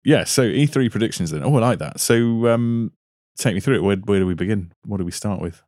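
A man's voice: fairly low pitch, animated, fairly quick, a little mellow, no echo, clean studio sound. A man co-hosting a casual podcast over an online voice call. He jokes and laughs often. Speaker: podcast co-host.

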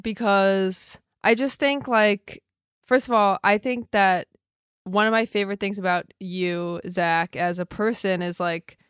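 A woman's voice: medium pitch, fairly even intonation, measured pace, a bit bright, clean tone, dry recording, studio quality. A young woman hosting a casual chat, talking in an earnest, reflective way with many filler words.

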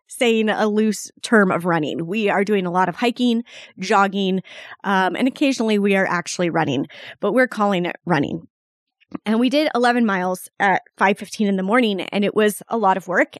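A woman's voice: mid-range voice, no room sound, studio quality. A woman hosting a solo podcast as a coach, talking in a chatty, candid way and laughing often.

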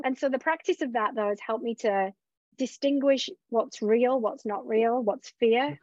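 A woman's voice: fairly high pitch, a little slow, a little mellow, no echo. Candid, reflective woman coach, dull recording. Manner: reflective, open, quotes her own thoughts. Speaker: business coach. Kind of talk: candid conversational interview.

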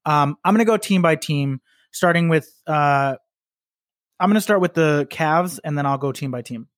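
A young man co-hosting a casual podcast, relaxed and a bit hesitant. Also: a little high, normal speed, dry recording, studio quality. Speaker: podcast co-host.

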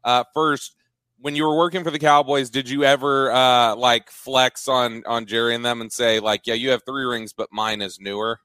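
A man's voice: mid-range voice, steady tone, pushed and bright, clear, resonant tone, dry recording, studio quality. Joking male sports podcast host. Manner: joking, quick-questioning. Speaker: podcast host, team insider. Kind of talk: casual sports podcast chat.

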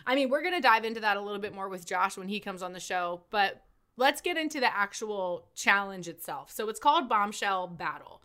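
A woman co-hosting a casual podcast, playful, giddy and quick to laugh. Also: medium pitch, animated, bright, forceful tone. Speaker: podcast co-host.

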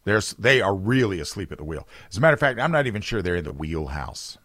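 A man hosting a political talk radio show, talking emphatically with loud bursts, low asides and many restarts. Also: big pitch swings, quick pace, no room sound, studio quality.

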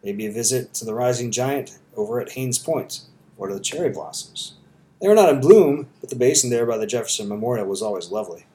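A man's voice: medium pitch, animated, a little fast, dark tone, close to an everyday voice. A man voicing a brave, uneasy young woman. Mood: cheerful.

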